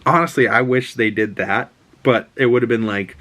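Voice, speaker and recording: A man excitedly recapping a TV episode in a casual, rambling way, with many fillers and restarts. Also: mid-range voice, moderate pace. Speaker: show recap host.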